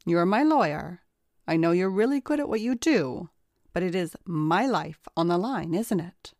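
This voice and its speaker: A woman's voice: on the low side, expressive, normal speed, a little mellow, no echo, clean studio sound, close to an everyday voice. A woman reading as a haughty, curt woman defendant.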